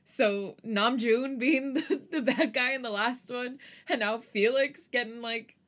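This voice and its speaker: A woman's voice: on the high side, unhurried, fairly bright tone. A woman co-hosting a podcast, chatting casually and laughing as she reacts. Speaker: podcast co-host. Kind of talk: casual chat.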